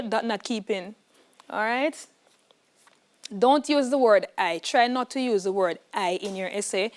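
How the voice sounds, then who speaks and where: A woman teaching a televised exam-prep lesson, giving clear, emphatic tips in a studio classroom. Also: on the high side.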